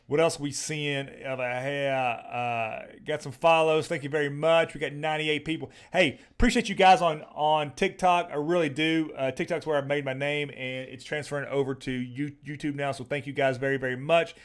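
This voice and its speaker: Man, live trading stream host, somewhat high voice, rambling talk, losing his voice. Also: fairly even intonation, moderate pace, hardly any pauses, clean tone. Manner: rambling, repeats words, upbeat sign-off. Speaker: livestream stock trading host.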